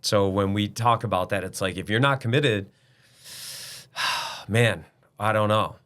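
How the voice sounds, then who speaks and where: A man's voice: fairly low pitch, slow pace, a bit bright, smooth. A middle-aged man, a business owner guest, talking bluntly and emphatically in a casual interview, now and then swearing.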